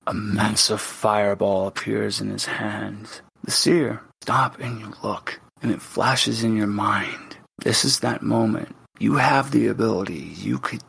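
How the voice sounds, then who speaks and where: A man's voice: lowish voice, steady tone, unhurried, vocal fry, fairly bright tone, breathy edge. A man narrating a tabletop game as game master, speaking dramatically to the player and often dropping to a whisper.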